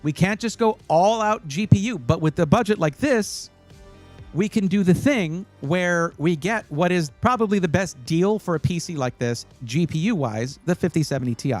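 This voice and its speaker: Lively, animated male stream host. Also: sits high, normal speed, soft background music. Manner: chatty and animated, many fillers, bursts of excitement. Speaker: livestream host giving PC buying advice. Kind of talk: casual live-stream chat.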